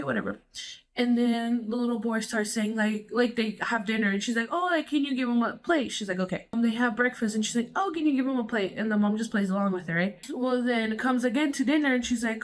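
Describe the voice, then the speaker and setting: A woman host telling ghost stories in a rambling casual chat, switching between English and Spanish and saying "like" a lot. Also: mid-range voice. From Colorado, United States. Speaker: podcast host.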